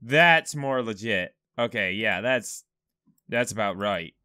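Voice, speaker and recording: A man's voice: on the low side, lively intonation, slow pace, pushed and bright, clean tone. A young man commenting as he plays a puzzle game, rambling and self-mocking as he thinks aloud. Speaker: gaming video host. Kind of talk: let's-play commentary.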